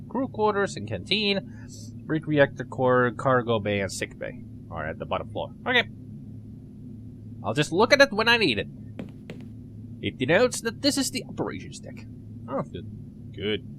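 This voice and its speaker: A man gives chatty let's play commentary, his pitch swinging lively and wide as he jokes along. His voice sits in a middle register. A faint hiss of noise runs under the recording. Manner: chatty, animated and joking. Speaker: gamer commentator.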